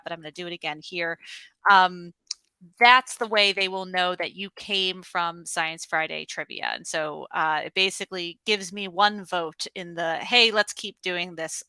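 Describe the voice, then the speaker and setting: A woman's voice: on the low side, sharp tone, clear, resonant tone, dry recording. A woman hosting a casual virtual trivia night over a video call, bubbly and chatty, laughing often. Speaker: trivia host.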